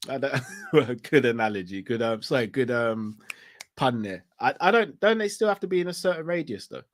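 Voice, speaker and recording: A man's voice: medium pitch, animated, brisk. A man co-hosting a live stream, chatting in a laid-back way and laughing often. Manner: laid-back, laughs often, says bruv and innit a lot. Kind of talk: casual chat with viewers.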